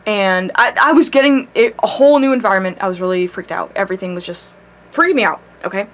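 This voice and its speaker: A woman telling a personal story straight to her camera in a casual vlog, animated and full of swearing. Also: mid-range voice, quick pace. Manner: animated, swears a lot, laughs mid-story. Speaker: vlogger. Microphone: camera mic.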